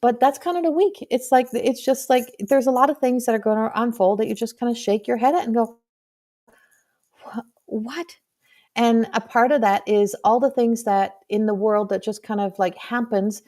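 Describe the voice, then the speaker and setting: A woman's voice: on the high side, steady tone, a little fast, hardly any pauses, mellow. A woman hosting a live stream as a spiritual medium, talking in a chatty, earnest and frank way, with playful swearing.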